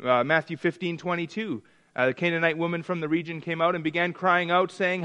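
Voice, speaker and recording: Fairly high-voiced man teaching a Bible class. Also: fairly even intonation, fairly quick, sharp tone, smooth, lo-fi sound. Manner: reads scripture aloud and questions the group; restarts sentences often.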